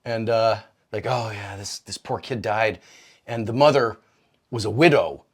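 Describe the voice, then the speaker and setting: A man's voice: unhurried, slightly rough. A man co-hosting a comedy podcast, retelling old stories in a profane, irreverent way and jumping into quoted voices. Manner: profane, animated, acts out quoted characters with big pitch jumps. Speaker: podcast co-host.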